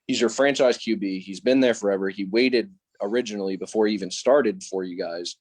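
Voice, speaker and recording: Low-voiced young man debating sports. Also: fairly quick, darkish tone, dry recording. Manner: hesitant, restarts often, many "like"s. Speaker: podcast co-host.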